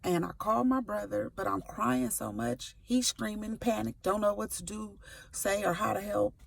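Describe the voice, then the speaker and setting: This Californian woman in her forties, a sickle cell advocate, gives personal testimony to camera while making a video before work. She sounds animated at a medium pitch and normal speed, with vocal fry, a candid, playful tone and slangy asides, over slight background noise.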